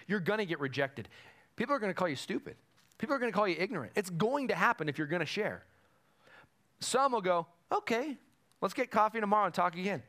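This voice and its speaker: A man's voice: high-pitched, fairly bright tone. A male pastor preaching a sermon with emphatic, repetitive phrasing.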